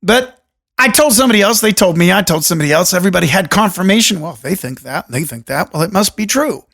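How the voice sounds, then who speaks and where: A man hosting a solo podcast, talking alone into a studio microphone in a deliberate radio voice with jokey, rambling asides. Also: sits high, expressive, gravelly, a bit bright. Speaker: podcast host. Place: room alone.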